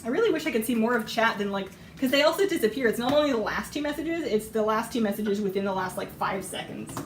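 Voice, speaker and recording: A woman with a hoarse, fading voice chats casually and rambles while she bakes on a live stream, often laughing. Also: fairly high pitch, expressive, quick pace, background noise. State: hoarse, losing her voice. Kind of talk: casual chat while cooking. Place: home kitchen. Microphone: iPad microphone. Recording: roomy lo-fi tablet audio from a distance.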